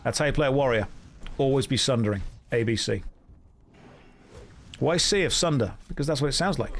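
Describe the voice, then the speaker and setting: A man in his thirties streams a game while chatting casually and joking with his chat. His medium-pitched voice is expressive and a little fast as he tells self-mocking stories and reacts to viewers.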